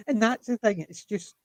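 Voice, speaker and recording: An older Scottish-accented man with a high-pitched voice hosts a casual group chat, chatty and animated as he tells stories with acted-out quotes. The recording is dry and of poor quality.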